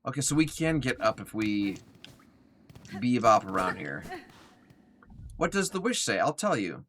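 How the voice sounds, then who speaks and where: Over a little hiss or hum, a young man with a lowish, fairly bright voice speaks a little slowly but very animatedly while live-streaming a game. He reads chat aloud and talks to himself in a chatty way, yawning and tired.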